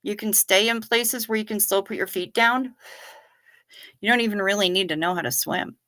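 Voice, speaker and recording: A woman's voice: mid-range voice, moderate pace, sharp tone. A woman hosting a livestream, answering chat questions in casual, profane, sarcastic talk.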